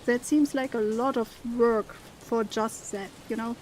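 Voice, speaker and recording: A woman's voice: fairly high pitch, a little slow, darkish tone, a little hiss or hum. A young woman who streams games, reading the characters' dialogue aloud with feeling and chatting casually with her viewers. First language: German. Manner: reads dialogue expressively, then chats casually.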